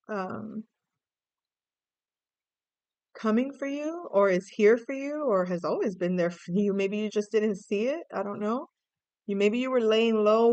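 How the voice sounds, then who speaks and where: A woman's voice: mid-range voice, a little mellow, clean tone, no echo. A woman giving a casual tarot reading to camera, musing and emotive, thinking aloud and often restarting her sentences. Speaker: tarot reader.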